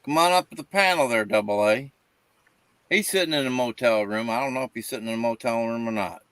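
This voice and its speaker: A man's voice: mid-range voice, fast talker, fairly bright tone, clear, resonant tone, dry recording. A man hosting a casual livestream panel, drawing guests in and asking questions. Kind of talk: casual chat.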